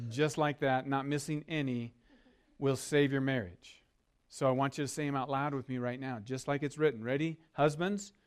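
A man's voice: medium pitch, clear, resonant tone. A man preaching a sermon as a pastor, earnest and leading his listeners to repeat words with him. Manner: earnest, leads congregation call-and-response.

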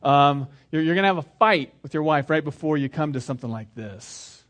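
A man's voice: a little high, expressive, brisk. A male pastor preaching a conversational sermon, asking the congregation questions as he goes.

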